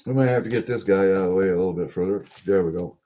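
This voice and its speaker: With a low, warm voice, an older man races through his words while opening packages on a live stream. He rambles casually and greets viewers, recorded on a desk webcam with slight background noise.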